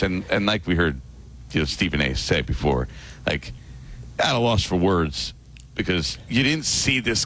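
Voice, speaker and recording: A man's voice: low voice, a bit bright. A man co-hosting a sports radio show, explaining at length in a loose conversational way.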